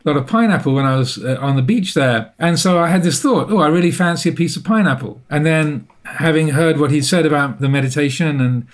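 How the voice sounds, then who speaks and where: A man telling a personal story as an interview guest, thoughtful and self-deprecating, often pausing to rephrase. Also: on the high side. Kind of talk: reflective storytelling.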